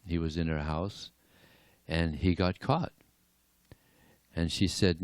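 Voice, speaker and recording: A deep-voiced man tells devotional stories in a temple class, animated and chuckling now and then. His delivery is relaxed and conversational. The recording is dry and close. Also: slow pace, pauses often, smooth, no echo. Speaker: lecturer. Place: temple hall.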